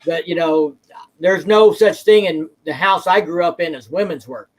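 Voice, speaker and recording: A man's voice: a little high, normal speed, low-quality recording. A man from the Ozarks, a motorcycle vlogger, chatting casually in a folksy, rambling way. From Ozarks, United States. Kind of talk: casual chat.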